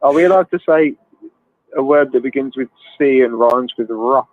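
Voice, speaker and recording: Through a tinny, phone-like recording with no room sound, a medium-pitched man speaks at a moderate pace. He's the host of a casual call-in livestream, cracking jokes and laughing through meandering bawdy tales.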